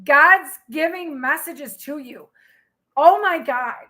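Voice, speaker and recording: Woman tarot reader, high bright voice, excitable, talking straight to her viewers on a live stream. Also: takes it slowly, low-quality recording. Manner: excitable, exclaiming and laughing.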